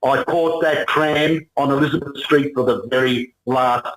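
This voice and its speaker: A man in his sixties with an Australian accent, a musician guest telling lively stories and acting out the people in them. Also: mid-range voice, measured pace, poor audio. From Melbourne, Australia. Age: 60s. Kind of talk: casual storytelling interview.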